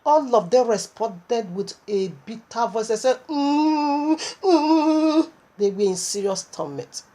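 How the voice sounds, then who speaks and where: A woman's voice: medium pitch, animated, normal speed, mellow. A woman preaching a sermon, impassioned and repetitive, with stammering restarts as she recounts a vision.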